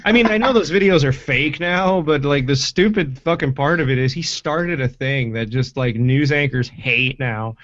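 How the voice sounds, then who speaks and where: A man hosting a casual livestream through a desk mic and mixer, talking in a profane, rambling, animated way. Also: fairly high pitch, moderate pace, hardly any pauses. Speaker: livestream host. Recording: dull lo-fi stream mic.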